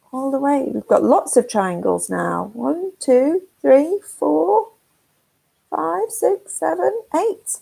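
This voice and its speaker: Woman, children's nature-group leader; gentle sing-song story reading for toddlers, slightly high, gravelly and husky. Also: animated, very slow, pauses often, poor audio. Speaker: forest school leader. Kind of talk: reading a picture book to toddlers. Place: at home.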